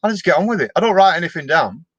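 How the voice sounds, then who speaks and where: A man's voice: sits high, big pitch swings, very fast, husky, no echo, lo-fi sound. A middle-aged man, chatting casually on a live stream as he answers viewer comments, with a down-to-earth manner and frequent restarts. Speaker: vlogger hosting a live stream.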